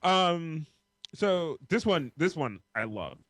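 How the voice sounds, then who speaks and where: A man hosting a casual podcast, rambling through stories with plenty of swearing and laughter. His pitch jumps around a lot. The sound is dry and close. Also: big pitch swings, slow, a bit bright, dry recording. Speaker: podcast host. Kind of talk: casual chat.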